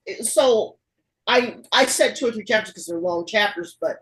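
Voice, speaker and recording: A woman co-hosting a podcast in casual chat, talking in an excitable, animated way. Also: normal speed. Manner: animated and excitable, jumping up in pitch. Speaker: podcast co-host.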